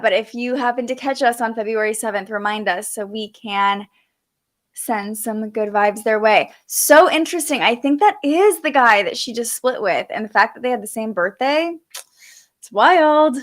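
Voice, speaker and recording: A woman's voice: a little high, moderate pace. A young woman hosting a casual astrology livestream, chatting and reading viewer comments aloud, a bit sleepy.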